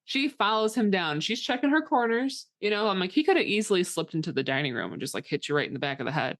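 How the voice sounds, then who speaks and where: A woman co-hosting a podcast, recapping a film in a blunt, animated, casual way with some swearing. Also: mid-range voice, quick pace, no echo. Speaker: podcast co-host. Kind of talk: casual chat.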